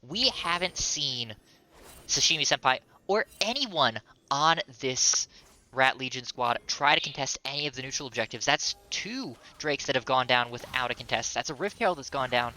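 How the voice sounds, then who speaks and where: A man's voice: medium pitch, lively intonation, moderate pace, bright, forceful tone. A man giving emphatic, analytical color commentary on an esports match.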